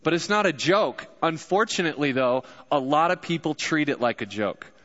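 A man's voice: fairly high pitch, animated, normal speed, a bit bright, highs cut off. Young man preaching in an echoey church hall. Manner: casual, joking, addresses crowd directly. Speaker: guest pastor. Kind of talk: sermon. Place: church hall, live congregation.

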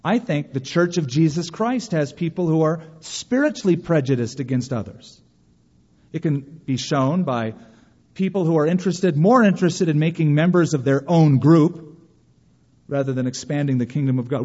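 Man, pastor, sermon, animated, slightly high, husky, dull echoey hall recording. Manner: animated preaching with quick mock quotes.

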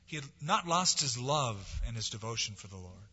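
A man preaching a sermon, swinging from forceful, dramatic lines to soft, hushed ones. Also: mid-range voice, sing-song, normal speed, breathy edge. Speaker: pastor. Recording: dull lo-fi sound with long hall reverb.

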